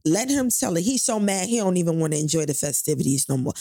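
A gravelly, husky-voiced woman, telling a story from her own life to a podcast audience. Her voice sits low and dark, and the sound is close and dry, with no room around it. She talks casually, swears freely and throws herself into other people's lines. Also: a little fast, hardly any pauses, dry recording. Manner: animated, profane, acts out quotes loudly.

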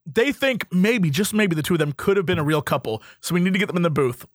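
High-voiced guy recapping stuff, all over the place pitch-wise, laughs a lot, dry close sound. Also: fast, dry recording. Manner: animated storyteller, laughs often. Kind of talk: casual chat recapping a reality show.

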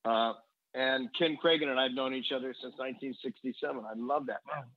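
A man's voice: medium pitch, fairly quick, no room sound. Give me an older man recounting stories with energy, sounding like a phone call. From United States. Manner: animated storyteller, acts out quoted voices. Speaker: guest songwriter. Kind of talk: storytelling in conversation. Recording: tinny phone-like line.

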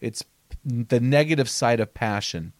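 A man speaks at a middle pitch in an earnest, conversational podcast manner, teaching through stories. He reads quotes aloud and often repeats words as he restarts a thought. The recording is dry and close, with no room echo. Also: expressive, a little slow. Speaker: author and podcast host.

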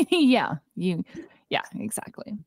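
A woman co-hosting a casual movie podcast, retelling scenes and acting out the lines in quick voices. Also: mid-range voice, big pitch swings, creaky, slightly rough, no room sound, studio quality. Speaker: podcast co-host. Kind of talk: casual movie recap chat.

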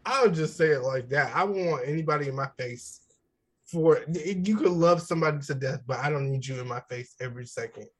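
A man co-hosting a podcast, talking in a loose, candid way full of jokes and slang. His voice sits a little high for a man, and he keeps it casual and chatty. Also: fairly quick, rough recording. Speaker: podcast co-host. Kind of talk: casual chat.

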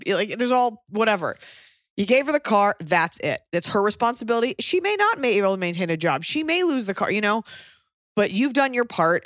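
A woman's voice: mid-range voice, no room sound, studio quality. Blunt, crude-joking woman podcast host. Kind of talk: casual chat giving frank advice.

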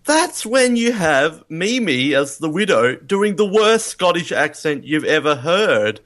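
A man's voice: fairly high pitch, sing-song, measured pace, a bit bright. A man in a casual film review chat, rambling and hesitant with many ums. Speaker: podcast co-host.

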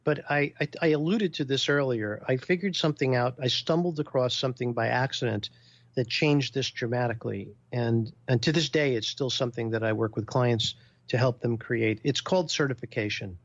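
A man's voice: medium pitch, brisk, no room sound. A man telling a business story as a guest, acting out the people he quotes. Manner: animated storyteller who acts out quotes. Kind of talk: storytelling in a podcast interview. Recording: dull lo-fi sound.

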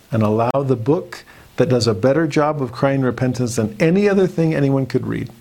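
A man giving a devotional scripture lesson in an earnest way, reading verses slowly and with feeling. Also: mid-range voice, gravelly, husky. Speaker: scripture teacher.

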